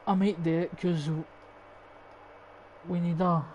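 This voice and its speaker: A young Scottish man casually talking through a football game, thinking aloud and swearing as he goes. His voice sits a bit high yet sounds mellow, with a flat, even delivery. A faint hiss sits under the recording. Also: slow pace, dull audio. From Scotland. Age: young adult. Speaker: gaming YouTuber. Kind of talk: casual gameplay commentary.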